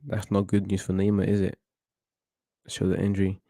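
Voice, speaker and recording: A man's voice: deep voice, monotone, moderate pace, mellow, no echo. A man hosting a football watchalong, chatting casually and giving opinionated commentary on the match. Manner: chatty, opinionated, thinks aloud with restarts.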